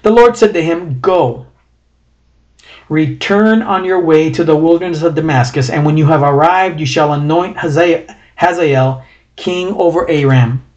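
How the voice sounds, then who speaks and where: A man's voice: fairly high pitch, a little slow, darkish tone, lo-fi sound. A man preaching a sermon, reading scripture with feeling and breaking into conversational asides.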